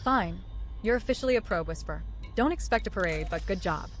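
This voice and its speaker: A woman's voice: mid-range voice, animated, fairly quick, soft background music, close to an everyday voice. A woman voicing a wry female ship computer companion in a space game, delivering dry, sarcastic quips between status reports. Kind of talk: game voice lines.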